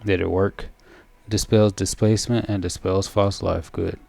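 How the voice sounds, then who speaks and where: A man giving casual commentary as he plays a video game, thinking aloud in a relaxed way. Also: deep voice, normal speed, vocal fry, no echo.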